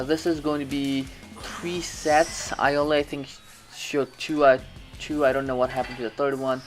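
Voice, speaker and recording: A man talking through his workout as a fitness vlogger in a gym, casual and rambling, often restarting his sentences. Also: medium pitch. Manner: rambling, many restarts and self-corrections.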